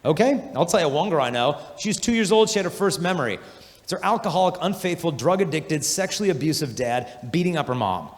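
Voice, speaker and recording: A man giving an energetic youth conference talk, telling animated stories and acting out the voices of people he describes. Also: a little high, fast. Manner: animated storytelling, acts out quoted voices. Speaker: conference speaker. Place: large hall. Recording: long hall reverb.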